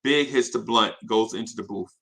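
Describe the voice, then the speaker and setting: Bright-voiced man telling a story. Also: lowish voice, moderate pace, creaky. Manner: energetic, restarts a lot, checks in with "right?". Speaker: host. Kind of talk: animated anecdote telling on a live show.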